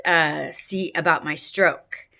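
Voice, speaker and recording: A middle-aged woman telling a personal story in a casual, rambling way, full of fillers and restarts, with allergies that make her clear her throat. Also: low voice, fairly even intonation, takes it slowly, sharp tone.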